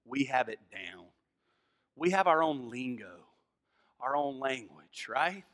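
A man with a Southern American accent preaching a sermon, moving from hushed lines to loud, fervent emphasis. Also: mid-range voice, sing-song, takes it slowly. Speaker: pastor.

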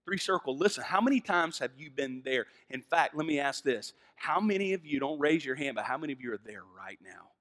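Fervent Southern American preacher. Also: male voice, on the high side, animated, brisk, few pauses. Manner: fervent, swings from hushed to loud emphatic preaching. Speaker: pastor. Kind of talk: sermon.

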